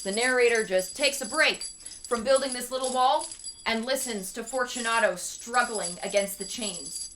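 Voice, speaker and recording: Brief: young woman storyteller, high bright voice, dramatic reading with chatty asides. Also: animated, moderate pace. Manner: reads dramatically, then explains in casual asides. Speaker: streamer storyteller.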